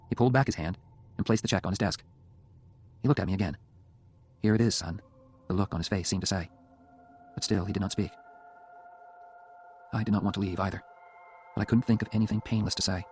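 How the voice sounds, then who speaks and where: Low husky guy reading an audiobook quietly, subdued. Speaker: audiobook narrator. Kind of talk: first-person audiobook narration.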